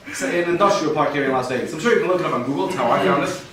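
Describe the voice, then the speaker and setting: A man's voice: fairly high pitch, rapid-fire, recorded from a distance, crowd noise. A man performing a rambling stand-up set for a live audience, joking and sprinkling in Yiddish and Hebrew terms. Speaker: stand-up comedian. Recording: echoey room recorded from afar.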